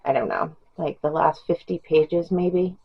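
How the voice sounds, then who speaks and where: A woman's voice: low voice, measured pace, creaky, slightly rough, lo-fi sound. A middle-aged woman chatting casually as a book reviewer, rambling with fillers and small laughs. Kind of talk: casual chat.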